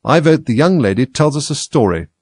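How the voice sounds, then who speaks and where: A man's voice: mid-range voice, expressive, a little fast, a little mellow, no echo, pitched above the performer's own voice. Man doing a bored, yawning march hare.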